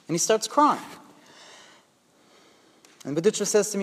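Lively male storyteller-preacher, high voice, in a hall with long reverb. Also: fairly quick, pauses often. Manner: animated, conversational storyteller. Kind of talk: storytelling sermon.

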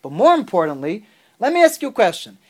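A man teaching a Torah class, an animated storyteller who rises in pitch on key points. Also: fast talker.

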